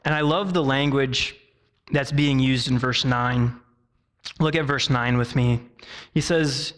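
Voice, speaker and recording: A man's voice: mid-range voice, steady tone, a little slow, long pauses, fairly bright tone. A young adult man preaching a sermon in a conversational way, telling a personal story and acting out the voices he quotes. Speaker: pastor.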